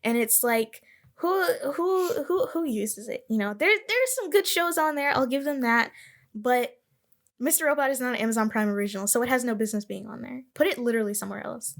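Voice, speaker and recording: A young woman hosts a podcast in casual chat, rambling and correcting herself as she goes. Her voice is on the high side and gravelly, and she talks briskly in a chatty way.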